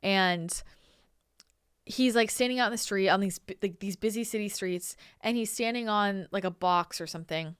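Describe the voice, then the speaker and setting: A woman's voice: medium pitch, normal speed, clean tone, dry recording, studio quality. A woman from Northern California, hosting her show and rambling casually through a story with lots of "like" and "you know". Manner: chatty, rambling, heavy use of "like" and "you know". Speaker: channeler and show host.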